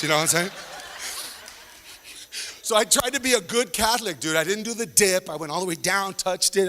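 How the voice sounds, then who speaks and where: A man performing stand-up comedy, animated, acting out quoted voices and swinging from loud to hushed. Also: high voice, long reverb tail, a little hiss or hum.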